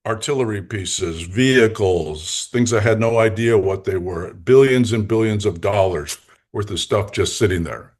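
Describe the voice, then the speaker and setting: An older man telling lively, jokey stories as a guest coach in an interview, laughing between lines. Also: lowish voice, moderate pace. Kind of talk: anecdotal storytelling in a podcast interview.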